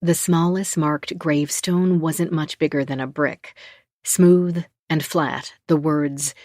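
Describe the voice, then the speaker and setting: A woman narrating a first-person thriller audiobook in a measured, low-key, tense voice, recorded close in a studio booth. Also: fairly even intonation, a little mellow, no room sound. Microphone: close studio mic.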